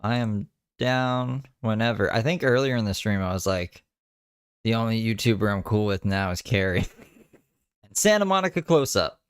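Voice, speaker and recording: A man's voice: fairly low pitch, lively intonation, moderate pace, smooth. A man giving casual, sarcastic commentary while reacting to another streamer's live broadcast, laughing often.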